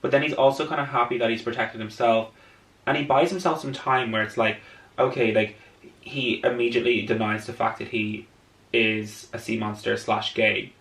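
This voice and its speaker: A man's voice: medium pitch, steady tone, moderate pace, creaky, a bit bright, far from the mic. A man chatting casually through a film analysis vlog, rambling with lots of filler words, recorded indoors late at night. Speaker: video essayist.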